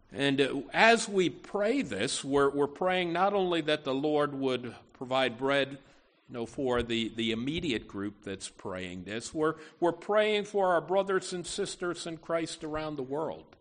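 A man's voice: fairly high pitch, animated, unhurried, fairly bright tone. A man preaching a sermon in an earnest way, often repeating words and saying "you know" as he talks. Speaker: pastor.

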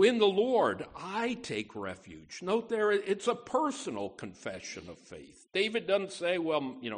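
Male pastor, sermon delivery, slightly high voice, lively swooping pitch, slow deliberate pacing. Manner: emphatic, slow and deliberate, with frequent restarts and "you know". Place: church.

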